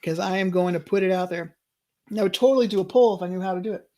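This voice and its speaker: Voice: medium pitch, fast talker, warm tone. A young adult streamer in casual let's-play commentary, thinking aloud and chuckling, with frequent restarts while reading chat. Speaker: streamer playing a wrestling management game.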